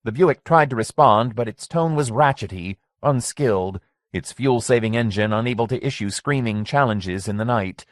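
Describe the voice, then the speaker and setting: A man narrating a horror story audiobook in a measured, steady way. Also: medium pitch, dry recording, clean studio sound. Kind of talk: scripted narration.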